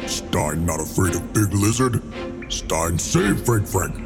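A man's voice: low-pitched, animated, slow pace, gravelly, in a large hall, over music, pitched below the performer's own voice, exaggerated voice. A man voicing a simple-minded, hulking male monster who talks in broken caveman words. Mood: dim.

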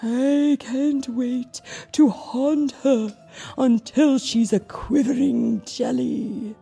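A woman voicing a boastful ghost from a storybook, drawing her words out slowly and loudly. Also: high voice, creaky, husky, soft background music, voice pushed up, heavily acted. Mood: gloating.

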